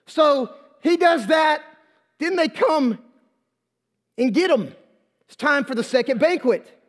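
High-voiced preacher retelling a story with humor. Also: male voice. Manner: lively, humorous, slangy retelling. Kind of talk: storytelling sermon. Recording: long hall reverb.

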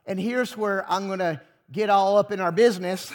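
A man's voice: high voice, moderate pace. A pastor preaching a sermon to his congregation, emphatic and full of rhetorical questions.

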